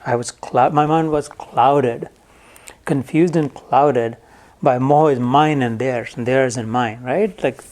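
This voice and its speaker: A man teaching scripture to a room of listeners, his voice sitting at an ordinary middle pitch. He talks in a loose, conversational way, stopping to unpack each Sanskrit word and its meaning. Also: a little mellow. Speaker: Gita teacher. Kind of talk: spiritual lecture to a live audience.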